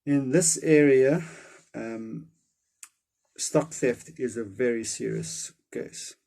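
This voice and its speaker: A man reading a book chapter aloud and retelling it in his own words, relaxed, with many pauses and fillers. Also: mid-range voice, gravelly. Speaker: reader.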